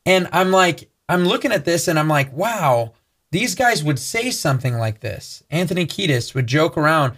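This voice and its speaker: A man's voice: a little high, sing-song, moderate pace, a bit bright. A man co-hosting a Christian talk show, earnestly preaching and telling a personal story. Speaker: co-host. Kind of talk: preaching commentary.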